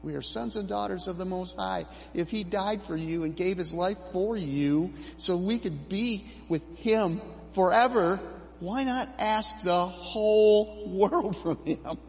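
Middle-aged pastor preaching slow, kinda high voice for a guy, long church echo. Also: gravelly, a little hiss or hum. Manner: slow, emphatic preaching with dramatic pauses. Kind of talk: sermon.

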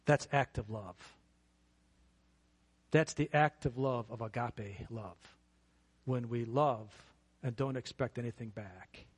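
A man's voice: mid-range voice, slow, long pauses, husky. A middle-aged man preaching a sermon in a church, earnest and building to fervent emphasis. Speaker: pastor.

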